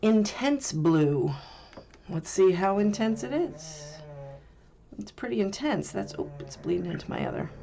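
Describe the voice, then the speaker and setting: Female art host, unhurried and gravelly, thinks aloud casually while painting. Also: mid-range voice, sing-song, warm tone. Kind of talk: casual paint swatching review.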